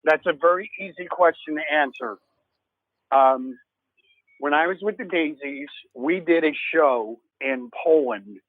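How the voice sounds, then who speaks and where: A man's voice: fairly high pitch, measured pace, no echo. Storytelling man on a tinny line. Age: 60s. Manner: casual, swears, acts out voices. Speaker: guest musician. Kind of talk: animated storytelling. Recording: narrow phone-like remote line.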